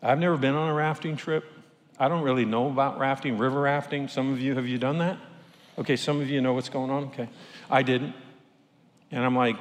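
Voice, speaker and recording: A man's voice: medium pitch, a little fast. Man preaching in a big reverberant hall. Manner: animated, self-deprecating, acts out quoted voices. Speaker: pastor. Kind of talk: sermon with personal storytelling.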